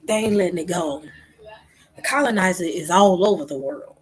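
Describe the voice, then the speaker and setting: A woman delivers fervent religious commentary in a husky, breathy voice. She preaches with rhetorical questions and veers between hushed whispers and loud outbursts. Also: on the low side, normal speed, poor audio. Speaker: online talk host.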